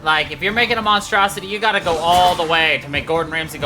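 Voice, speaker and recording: Streamer, casual and rambling, mid-pitch, game music under. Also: fast. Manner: loose, rambling, swears freely. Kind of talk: casual gameplay commentary.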